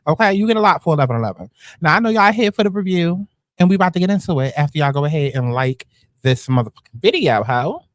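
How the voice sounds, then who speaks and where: A man, hosting casual reality-show commentary in a sassy, animated, gossipy way and swearing freely. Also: on the high side, fast talker, dry recording. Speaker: YouTube commentary host.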